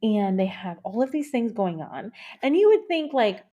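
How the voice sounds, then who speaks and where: A woman hosts her own podcast and talks straight into the microphone, excited and gushing, full of fillers. She sounds a little out of breath, and her voice is mellow and warm, not bright. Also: a little high, normal speed, highs cut off. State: a bit out of breath. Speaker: podcast host, beauty industry coach. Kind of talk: solo podcast monologue.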